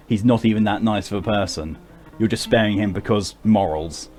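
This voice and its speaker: A man's voice: lowish voice, normal speed, darkish tone, faint music behind. A man streaming a game, chatting wryly through his commentary and laughing often. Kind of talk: gameplay commentary.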